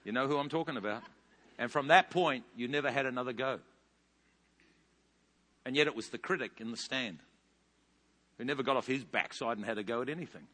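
A man in his fifties with a New Zealand accent, preaching a sermon as a pastor, telling stories animatedly and rising into loud bursts. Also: medium pitch, a little fast, long pauses. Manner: animated storytelling with big loud rises. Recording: long hall reverb.

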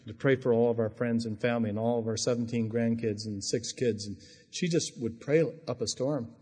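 Husky-voiced man preaching in a reverberant hall. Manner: storytelling, swings from quiet to loud and high. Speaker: pastor. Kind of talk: sermon.

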